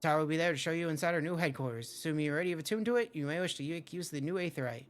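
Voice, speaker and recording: A streamer quickly reading aloud a composed game leader's formal letter. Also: medium pitch, close to an everyday voice.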